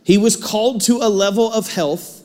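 In a church sanctuary, a pastor with a high voice preaches a sermon at a moderate pace, the sound carrying a big-room quality. He's cheerful and animated, telling stories and laughing along the way.

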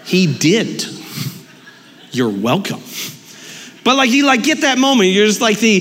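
A man preaching a lively, conversational sermon, talking with his congregation and acting out quoted dialogue. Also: high voice, measured pace, long pauses, in a large hall, a little hiss or hum. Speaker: pastor. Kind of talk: lively sermon with audience interaction.

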